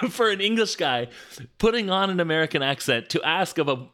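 A man's voice: high voice, animated, moderate pace, pushed and bright. A man co-hosting a casual movie podcast, chatting loosely, laughing often and sharing researched asides. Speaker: podcast co-host.

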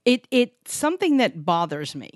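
A woman co-hosting a podcast about couples in business, talking in an animated, emphatic way and sometimes acting out other voices. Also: fairly low pitch, normal speed, no room sound, clean studio sound. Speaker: podcast co-host. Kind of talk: casual chat. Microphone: podcast microphone.

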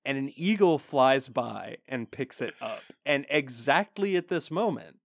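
A woman's voice: very deep voice, a little slow, no echo. A woman co-hosting a casual podcast, recapping a cartoon episode and acting out character lines with lots of laughter. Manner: animated, laughs often, acts out character lines. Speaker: podcast co-host.

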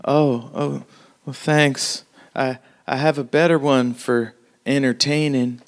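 A man's voice: medium pitch, steady tone, slow pace, voice pushed up. A man voicing a timid, kind young townswoman who stammers and hesitates. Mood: shy.

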